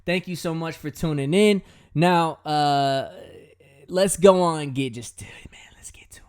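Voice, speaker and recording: A man's voice: fairly high pitch, measured pace, a little mellow, smooth. A man in a casual, laid-back chat, breaking down the lyrics of his own song with slangy asides.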